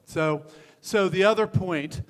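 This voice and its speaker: An older man coaches a founder on his pitch in a frank, joking way, stopping and restarting his sentences. His voice sits fairly high for a man. It is recorded in a hall with a long echo. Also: slow. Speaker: venture capitalist giving pitch feedback. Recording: hall reverb.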